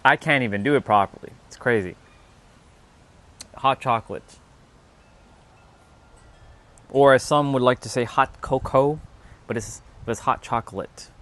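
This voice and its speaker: A man's voice: mid-range voice, moderate pace, fairly bright tone. A man hosting a casual livestream, chatting loosely with viewers, joking and swearing as he reads the chat aloud. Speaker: livestream host.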